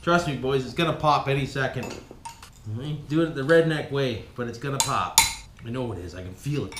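A Canadian man hosts a casual vlog from his home workshop, rebuilding an engine with tools while talking to viewers in a folksy, foul-mouthed way and repeatedly calling them "boys." His mid-range voice is a little fast, and the echoey room is full of background noise and loud tool clatter.

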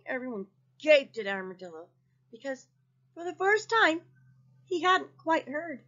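A woman reads a picture book aloud to children with a high, bright voice that swoops and dances through the story. She pauses to ask her young listeners questions. The recording sounds muffled and lo-fi. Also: very animated. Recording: dull lo-fi recording.

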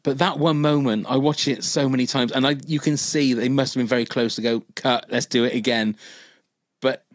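A British man hosting a casual podcast, recounting scenes and laughing easily as he goes. His voice sits in a middle pitch. The sound is dry and close, with no room around it. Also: fairly quick, hardly any pauses, no room sound. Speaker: podcast host. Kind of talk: casual chat.

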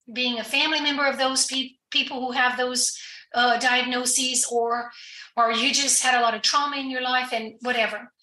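A woman's voice: fairly high pitch, sharp tone, reverberant, low-quality recording. A woman guest on a podcast interview, explaining earnestly in a conversational way, with fillers and restarts. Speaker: guest addiction recovery professional.

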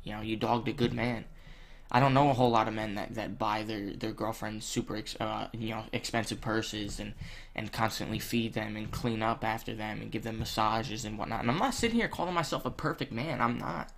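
A young man, ranting bluntly to camera in casual vlog talk, swearing a lot and filling pauses with ums. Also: lowish voice, fairly even intonation, vocal fry, a bit bright, a little hiss or hum. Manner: blunt, profane, heated, with many ums. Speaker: vlogger.

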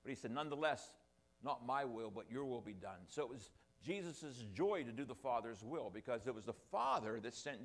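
Older male pastor, rambling sermon. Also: fairly low pitch. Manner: rambling, self-deprecating asides. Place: church sanctuary.

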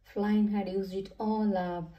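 A woman reading a children's storybook aloud in an animated, sing-song way. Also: medium pitch, takes it slowly, muffled recording. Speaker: children's book reader. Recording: roomy, from a distance.

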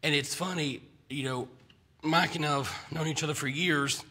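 A man's voice: on the high side, fairly even intonation, moderate pace, pushed and bright, breathy edge. A man preaching a conversational sermon in a church, often stumbling and restarting his words.

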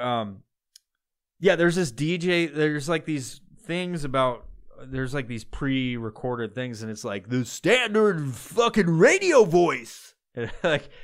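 A man's voice: mid-range voice, clean tone. A man hosting a solo podcast, rambling in casual talk with heavy swearing and frequent laughs. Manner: rambling and heavily profane, laughs often. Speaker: podcast host.

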